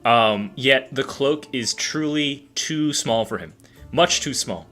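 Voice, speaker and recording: Brief: young male game master, bright, forward voice, loose and casual narration, faint music underneath. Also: mid-range voice, takes it slowly. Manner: casual, filler-heavy narration. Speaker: dungeon master. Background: faint background music.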